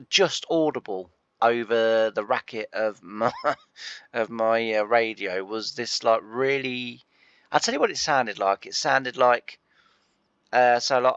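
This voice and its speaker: A man's voice: medium pitch, vocal fry, a bit bright, smooth, no room sound, dull audio. A man, host of a farming game channel, chatting through a long rambling anecdote with lots of fillers and chuckles while he plays. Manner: chatty, full of fillers, laughs at his own story.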